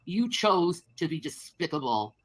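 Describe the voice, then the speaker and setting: Woman livestreamer, deep-pitched, bitter and accusatory rant. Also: very animated, a little slow.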